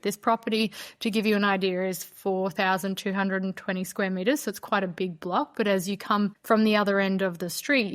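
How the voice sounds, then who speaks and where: A woman hosting a podcast, telling a personal story in a candid, conversational way, with a lot of "like" and a heartfelt tone. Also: medium pitch. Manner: candid, conversational, frequent "like" fillers. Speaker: podcast host.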